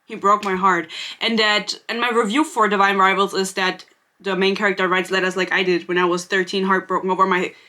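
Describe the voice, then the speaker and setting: A woman's voice: medium pitch, level tone, a little fast, sharp tone. A young woman from Germany with a German accent, rambling casually to her viewers as the host of her book channel. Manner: rambling, self-interrupting, chatty. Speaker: booktube host. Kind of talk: casual chat to camera.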